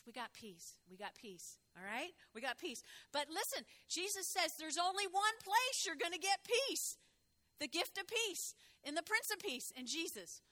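A woman pastor preaching a lively sermon, calling out to the congregation and prompting them to repeat after her. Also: high-pitched. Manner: lively, call-and-response with congregation, exclaims.

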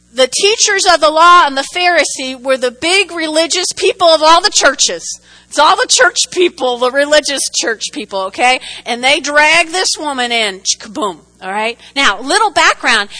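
A woman preaching with a high, bright voice. She is animated, repeats her points for emphasis and keeps checking in with her listeners. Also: rough recording. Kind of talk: sermon.

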